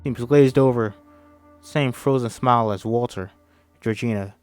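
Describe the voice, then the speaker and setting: A man reads a screenplay aloud on his own, taking every role himself and stumbling over words now and then. His mid-range voice is unhurried with a darkish tone, and faint music plays behind him.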